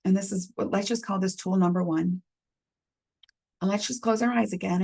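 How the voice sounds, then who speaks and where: Soft-spoken woman running a healing circle, gravelly and mellow, pretty flat delivery. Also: medium pitch. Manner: gentle, unhurried, reads chat messages aloud. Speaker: medium leading a healing workshop. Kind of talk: guided reflection for a support group.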